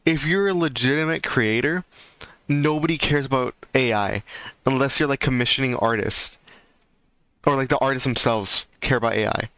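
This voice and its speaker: Brief: male streamer, mid-pitched, smooth clear voice, loose ranting delivery. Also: normal speed, a bit bright, dry recording. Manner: rambling, ranting, heavy fillers. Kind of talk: casual livestream chat.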